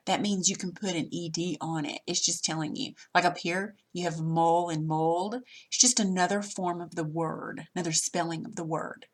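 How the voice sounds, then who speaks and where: A woman's voice: lowish voice, husky. A woman teacher patiently walking through a worksheet lesson step by step, recorded over her screen.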